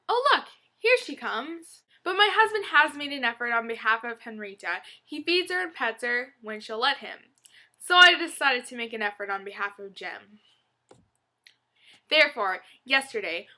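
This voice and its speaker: A woman's voice: a little high, sharp tone. A woman reading a humorous blog post aloud in a playful, loosely acted way. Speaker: reader.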